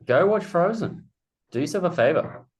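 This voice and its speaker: A man's voice: fairly high pitch, lively intonation, moderate pace. A man, a podcast co-host asking playful, teasing questions. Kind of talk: casual interviewing.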